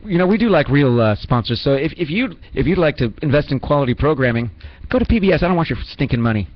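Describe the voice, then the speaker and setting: A man's voice: fairly high pitch, lively intonation, fast, dull audio, a little hiss or hum. A man hosting a radio show in a rambling, self-mocking comedic manner, full of restarts and asides. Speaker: radio host.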